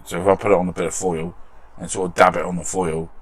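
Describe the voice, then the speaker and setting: A man's voice: deep voice, little pitch movement, quick pace. A British man hosting a model restoration channel, chatting casually in his shed workshop and reading out viewer comments with self-deprecating humour.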